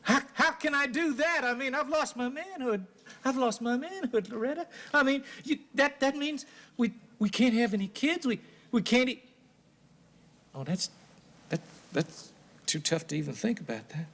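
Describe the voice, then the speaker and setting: An actor playing a panicky, insecure young husband in a hospital bed in a television comedy, stammering anxiously. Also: male voice, extremely high pitch, animated, moderate pace, a bit bright, full character voice. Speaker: patient.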